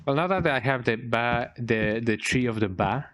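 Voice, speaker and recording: There's a little hiss or hum on this recording of a Mexican man streaming a game over game music. His voice is medium-pitched and fairly bright, at normal speed, and his casual, playful commentary features goofy sing-song repetition and lots of sentences ending in "eh?".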